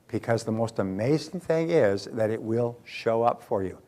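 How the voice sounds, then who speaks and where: A man's voice: mid-range voice, expressive, normal speed, darkish tone. A man giving a motivational talk, telling stories and speaking directly to his audience in a conversational way.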